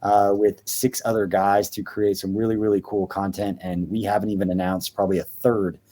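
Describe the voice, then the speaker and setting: Man in his thirties, low-pitched, chatty podcast co-host who rambles with lots of fillers. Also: flat delivery, fairly quick, warm tone. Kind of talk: casual sports podcast chat.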